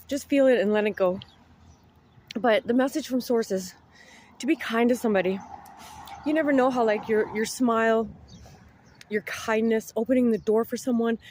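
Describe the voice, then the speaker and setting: A woman's voice: on the high side, a little mellow. Tearful woman vlogging outdoors. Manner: rambling, heartfelt, repeats herself. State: tearful, close to crying. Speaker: spiritual vlogger. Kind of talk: emotional spiritual message to camera. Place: outdoors in bright sun.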